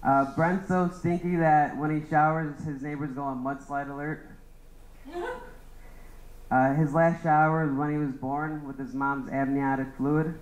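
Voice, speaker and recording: A man's voice: on the high side, little pitch movement, measured pace, reverberant, poor audio. A young man doing a rambling stand-up roast of his friends, laughing at his own jokes. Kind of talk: open-mic roast set.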